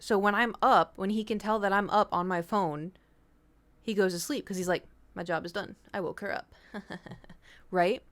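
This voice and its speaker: Woman, streamer, casual rambling story, occasional swearing, middle pitch. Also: clear, resonant tone. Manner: chatty storytelling, swearing, drops into a whisper at times. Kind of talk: casual chat.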